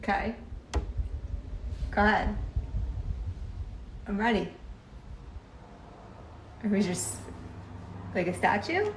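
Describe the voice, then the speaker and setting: A woman's voice: mid-range voice, big pitch swings, slow pace, pauses often, slight background noise. Puzzled woman in an echoey room. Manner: puzzled, teasing questions. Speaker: wife being pranked. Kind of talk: casual home video chat.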